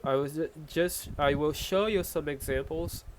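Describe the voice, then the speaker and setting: A man's voice: on the high side, normal speed, background noise. A Brazilian man teaching Portuguese online in English with a Brazilian accent, explaining patiently and checking in with "okay?" often. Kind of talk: online language lesson.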